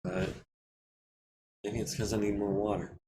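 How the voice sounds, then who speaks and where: A man casually talking through repairs while streaming a strategy game, his throat a bit scratchy and often cleared. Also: lowish voice, unhurried. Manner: relaxed, thinking aloud while managing repairs. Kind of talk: casual let's-play commentary.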